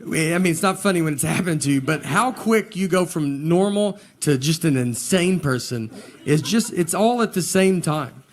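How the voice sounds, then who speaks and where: A man in his forties tells comedy stories in a deadpan, easygoing drawl. His voice sits a little high. The live recording carries clear background noise and audience laughter. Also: normal speed. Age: 40s. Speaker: stand-up comedian. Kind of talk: stand-up comedy set.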